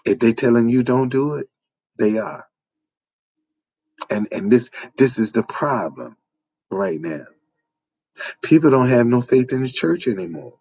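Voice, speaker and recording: A man's voice: medium pitch, expressive, unhurried, gravelly, pauses often, dark tone. A man, delivering an informal preaching monologue with repetitive, emphatic phrasing. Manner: repetitive, emphatic, folksy street-preacher cadence. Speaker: online preacher.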